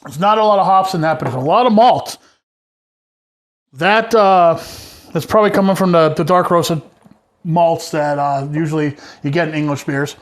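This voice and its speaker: A man's voice: fairly high pitch, moderate pace. A middle-aged man hosting a casual beer review at home, chatty and joking with rambling asides. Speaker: show host.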